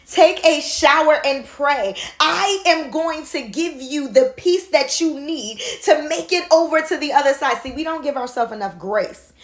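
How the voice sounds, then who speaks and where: A woman in her forties giving a passionate motivational talk to her phone camera, swinging between shouting and soft confiding. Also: high-pitched, expressive, moderate pace. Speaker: motivational vlogger. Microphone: handheld phone camera.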